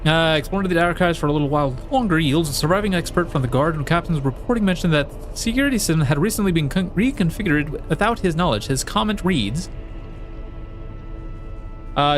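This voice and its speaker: A man's voice: fairly high pitch, lively intonation, a little fast, faint music behind. A man casually commenting on a game and reading its text aloud, rambling with many fillers and joking about his failed accents. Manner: rambling and playful, with frequent fillers and restarts; tries silly put-on accents and laughs at himself. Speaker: let's play streamer.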